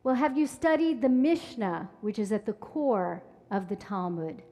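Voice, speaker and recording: A woman voicing a patient, wise older male rabbi who questions calmly. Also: mid-range voice, a little slow, in a large hall.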